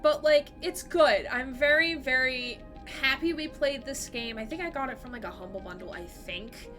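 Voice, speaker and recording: A woman with a high, bright voice rambles to her viewers during a live game stream. Her sentences are full of "like" and she laughs easily. Soft music plays behind her. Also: normal speed. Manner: chatty and rambling, heavy use of "like".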